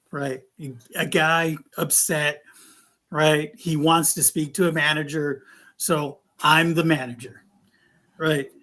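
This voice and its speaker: High-voiced man telling an animated story. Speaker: co-host. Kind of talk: casual storytelling chat. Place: live studio.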